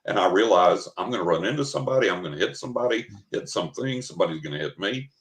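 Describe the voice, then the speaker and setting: A man's voice: sits low, lively intonation, rapid-fire. An older man from West Texas, a guest in an interview, telling a story vividly and dramatically. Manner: vivid, dramatic storyteller who acts out his own thoughts. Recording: roomy, echoey recording.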